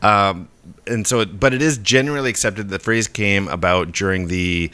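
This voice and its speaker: Deep-voiced man explaining word origins. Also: normal speed, clear, resonant tone, no echo. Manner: relaxed, explanatory, stumbles and restarts often. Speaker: podcast co-host. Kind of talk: casual chat about word origins.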